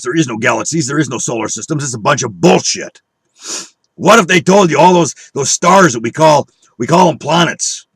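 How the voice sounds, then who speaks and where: A man's voice: on the high side, a bit bright, slightly rough, no echo. A man delivering a profane, combative rant at his viewers, scornful and preaching, with a dry close recording. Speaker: online video speaker. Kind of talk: angry conspiracy rant.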